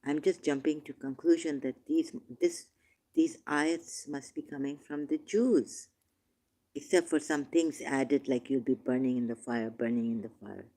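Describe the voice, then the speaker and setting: A man reading scripture verses aloud and commenting on them, turning emotional, shifting between quiet musing and loud, drawn-out declaiming. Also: mid-range voice. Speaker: religious commentator.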